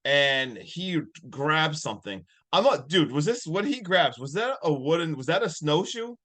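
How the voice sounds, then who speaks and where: A young man co-hosting a podcast, excitedly recapping a film and acting out its scenes with big swings between loud and quiet. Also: on the high side, moderate pace. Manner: animated, swings loud and soft, acts out scenes. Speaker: podcast co-host.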